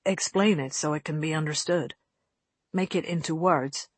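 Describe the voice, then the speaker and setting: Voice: mid-range voice, moderate pace, husky, dry recording, close to an everyday voice. Narrator doing a cold cult guard guy, solemn, talks in orders, dry close sound. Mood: commanding. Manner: stiff, formal, commanding. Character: cold, solemn robed male cult captor.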